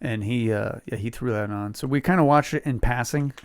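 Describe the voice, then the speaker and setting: A man co-hosting a podcast in casual chat, laid-back and slightly hoarse, swearing casually and laughing often. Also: medium pitch, a little fast. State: slightly hoarse, losing his voice. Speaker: podcast co-host.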